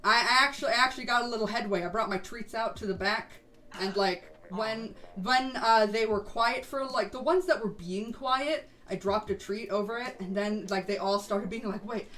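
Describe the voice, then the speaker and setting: A woman's voice: fairly high pitch, bright, forceful tone, a little hiss or hum. A woman streamer chatting casually while she plays a game, rambling a little and laughing often. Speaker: VTuber streamer. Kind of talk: casual chat while gaming.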